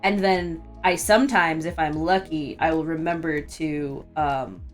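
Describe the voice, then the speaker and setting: A woman's voice: low-pitched, fairly even intonation, measured pace, faint music behind. A young woman chatting casually on a live art stream, rambling with frequent restarts.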